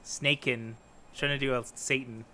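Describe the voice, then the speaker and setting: A man's voice: mid-range voice, fairly even intonation, unhurried, heavy background noise. A man co-hosting a podcast, chatting casually and playfully, laughing often and padding sentences with "like". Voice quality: playful, giggly, trails off with "like". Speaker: podcast co-host. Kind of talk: casual movie-riffing chat.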